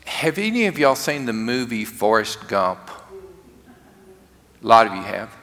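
A man preaching a lively, conversational sermon to his congregation, acting out quotes along the way. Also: medium pitch, measured pace. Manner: animated, conversational, acts out quotes. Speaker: pastor. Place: church sanctuary. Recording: long reverb of a large church hall.

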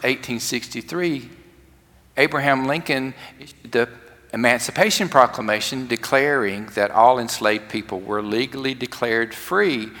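A man preaching a sermon in a dramatic way, swinging from loud, fervent lines to hushed ones. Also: mid-range voice. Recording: long hall reverb.

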